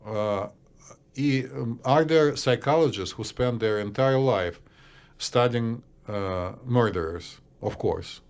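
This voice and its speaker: A man with a Russian accent, a psychiatrist co-hosting a casual podcast chat, blunt and opinionated, often pausing on "uh". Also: mid-range voice. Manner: blunt, opinionated, hesitant with uh fillers. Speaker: psychiatrist co-host.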